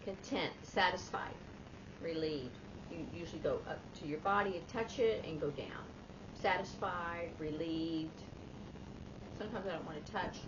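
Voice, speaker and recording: A woman teaching sign language in a casual, chatty way, with fillers and restarts. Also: fairly low pitch. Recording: slightly dull lo-fi recording, faint room noise.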